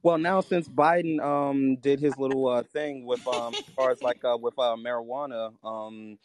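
A man's voice: medium pitch, fairly even intonation, moderate pace. A man calling in to a podcast in casual political chat, rambling and joking with many fillers.

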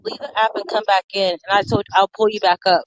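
A woman's voice: mid-range voice, steady tone, no echo, lo-fi sound. Reassuring woman hosting a call-in show. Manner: quick, reassuring, directing the caller. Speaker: podcast host. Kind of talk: casual podcast chat.

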